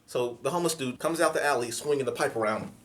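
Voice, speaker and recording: A young man telling a comic story in an animated, profane way, acting out voices. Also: mid-range voice, fast talker.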